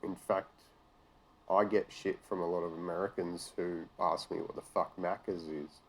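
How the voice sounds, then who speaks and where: Australian male host, low register, profane, sarcastic, exasperated commentary. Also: level tone, normal speed, slight background noise. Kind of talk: profane rant reacting to news articles.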